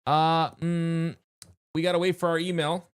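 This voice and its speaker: A live streamer chatting excitedly to viewers while playing, often restarting sentences mid-thought. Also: medium pitch, measured pace, clean tone, no room sound, clean studio sound. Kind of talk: live-stream game reaction chat.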